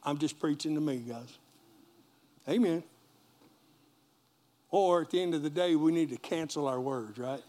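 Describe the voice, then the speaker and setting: A man's voice: on the high side, measured pace, long pauses, warm tone. A man pastor, preaching a sermon in a folksy call-and-response manner and joking with the congregation.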